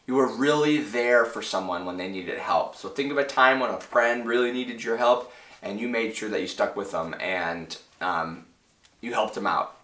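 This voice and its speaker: A man teaching first grade, giving gentle, encouraging instructions to young children during a read-aloud lesson. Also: on the low side, normal speed. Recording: roomy, from a distance.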